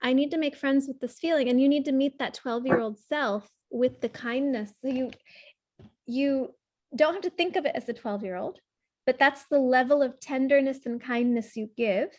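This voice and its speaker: A woman trauma coach guiding a client in a coaching session, speaking gently and earnestly, as if over a video call. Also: high-pitched, moderate pace, dry recording, studio quality. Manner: gentle, tender, earnest explaining.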